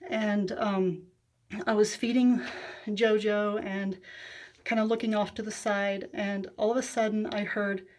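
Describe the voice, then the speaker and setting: A woman telling viewers a personal faith testimony, soft-spoken and emotional, pausing often with hesitant fillers. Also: medium pitch, flat delivery. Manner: emotional, close to tears. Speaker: faith vlogger.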